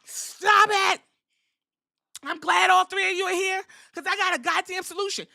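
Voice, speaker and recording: A woman's voice: very high-pitched, fairly even intonation, moderate pace, creaky, pushed and bright, dry recording, clean studio sound, pitched above the performer's own voice, full character voice. A woman voicing a bossy, fed-up male wrestling authority figure in a stern, commanding tone. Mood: exasperated.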